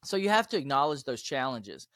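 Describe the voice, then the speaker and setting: A man of middling pitch tells animated stories as a podcast guest, slipping into the voices of the people in them. The recording is dry and close, with no room sound. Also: brisk, dry recording. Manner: animated, acts out dialogue in stories. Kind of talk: interview storytelling.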